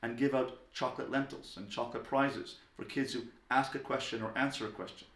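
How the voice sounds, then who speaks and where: A man giving a lecture on parenting, talking emphatically and swinging between loud stressed words and soft low asides. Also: steady tone, fairly quick. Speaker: parenting teacher. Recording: echoey room.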